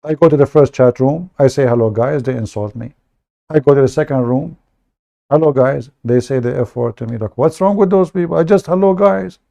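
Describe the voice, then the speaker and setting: Speaking fairly quickly in a creaky, mellow, mid-range voice, an online debate show host with an Arabic accent rambles through a casual livestream monologue. The Middle Eastern man is blunt and jokes at his own expense, frequently repeating words.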